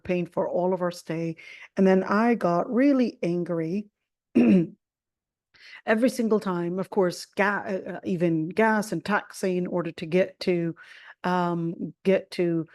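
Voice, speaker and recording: Woman, American accent, religious teacher, conversational, frequent fillers, lowish voice, dry close sound. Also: slow pace, no echo. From Jordan. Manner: conversational, many "of course" fillers; animated when retelling the story. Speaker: Quran teacher. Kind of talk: religious lesson with a personal story.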